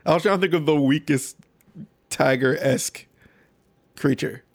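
A man's voice: fairly high pitch, moderate pace. A man joking and making puns in a casual podcast chat. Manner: joking, punning. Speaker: podcast co-host.

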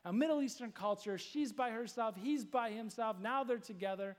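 A man's voice: very high voice, moderate pace. A pastor giving a casual, story-driven sermon, acting out the quoted lines as he goes. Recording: long reverb of a hall, faint music.

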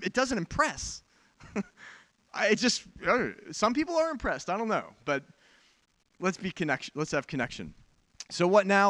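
A man with a fairly high voice preaching a sermon in a frank, conversational manner, often turning aside to talk straight to the congregation. His voice is picked up close and dry, with almost no room sound. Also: dry recording. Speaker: pastor.

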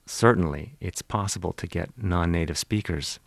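A man with a Western Pennsylvania accent, a linguistics professor answering interview questions in a measured, lecturing way and demonstrating speech sounds. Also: low voice, creaky, no room sound. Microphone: studio microphone, close.

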